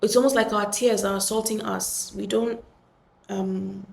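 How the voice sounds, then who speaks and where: A woman hosting a podcast, speaking earnestly and gently in a reflective solo talk, with many pauses and restarts. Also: mid-range voice, fairly even intonation, creaky, echoey room. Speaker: podcast host.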